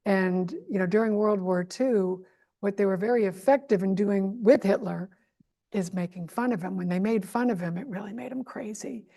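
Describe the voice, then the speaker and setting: A woman from the United States answering as an interview guest, talking in an animated, sarcastic way with lots of asides. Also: medium pitch, normal speed, vocal fry.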